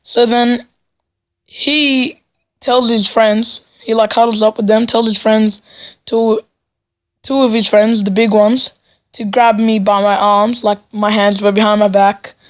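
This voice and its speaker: A man's voice: high voice, little pitch movement, measured pace. A teenage boy telling a storytime vlog in a rambling, sarcastic way, with frequent "right?" asides. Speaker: vlogger.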